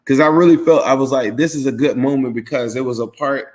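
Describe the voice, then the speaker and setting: A man's voice: medium pitch, fast talker, few pauses, darkish tone. Male co-host, casual sports chat, jet-lagged and rambling. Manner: rambling, heavy use of "like". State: tired from jet lag. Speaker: podcast co-host.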